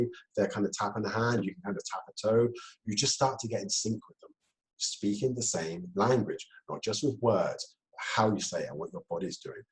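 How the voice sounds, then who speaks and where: A man giving a talk on communication, lively, laughing often and acting out quoted exchanges. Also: on the low side, poor audio. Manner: lively, laughs between points, acts out quoted dialogue. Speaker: speaker.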